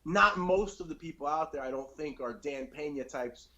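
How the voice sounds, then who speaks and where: Laid-back man, slightly high voice. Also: moderate pace, sharp tone, lo-fi sound. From Cuban family background. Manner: laid-back, swears casually, says "like" a lot. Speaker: podcast co-host. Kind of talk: casual chat.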